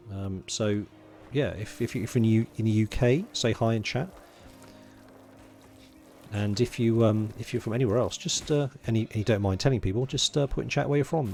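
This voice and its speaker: A man's voice: lowish voice, gravelly, a little mellow. A man from London, streaming a game, chatting casually, muttering to himself while he plays and greeting viewers in chat. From England (London). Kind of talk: casual livestream commentary.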